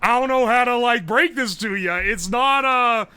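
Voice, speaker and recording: A man streaming live, chatting casually, loud and profane, yelling nearly every phrase. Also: very high voice, moderate pace, clear, resonant tone, no room sound. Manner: brash and profane. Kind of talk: casual livestream chat.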